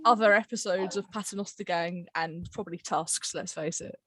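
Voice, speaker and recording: A woman's voice: fairly low pitch, moderate pace, fairly bright tone, no room sound. Giggly woman hosting a podcast. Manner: bubbly, giggly, rambling with many fillers. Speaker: podcast host and writer-director. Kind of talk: casual podcast chat.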